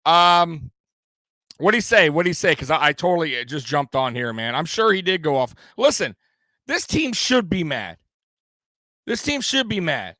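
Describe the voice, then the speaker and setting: A man's voice: on the high side, big pitch swings, moderate pace, pushed and bright, no room sound. A man hosting a live sports stream, ranting in a heated, profane way and repeating himself as he vents. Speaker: sports livestream host. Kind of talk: angry live postgame rant.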